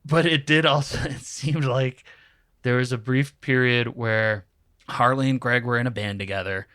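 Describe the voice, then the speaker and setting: A comedian joins a podcast as a guest and retells a movie in a casual, laughing chat. His voice is bright and forceful, at a middling pitch. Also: fairly even intonation, normal speed, dry recording, studio quality.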